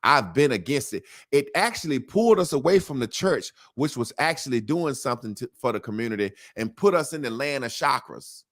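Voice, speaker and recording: Animated man with a lively voice. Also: mid-range voice, a little fast, few pauses. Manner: animated and emphatic, with slang and repetition. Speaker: interview guest. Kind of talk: casual conversational interview.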